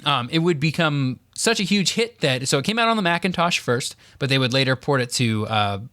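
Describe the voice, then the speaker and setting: Male podcast co-host, middle pitch, loose filler-heavy explainer, hiccuping, dry close mic. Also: expressive, brisk, a bit bright, no echo. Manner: explains at length with many fillers. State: has the hiccups. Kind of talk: casual chat.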